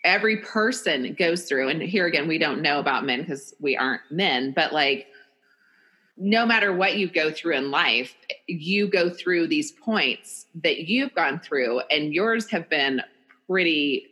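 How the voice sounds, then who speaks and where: A woman's voice: low voice, lively intonation, unhurried, bright, forceful tone. A woman hosting a podcast, chatting casually and thinking aloud with many "like"s. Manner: rambling, lots of "like", thinks aloud. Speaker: podcast host. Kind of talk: casual interview chat.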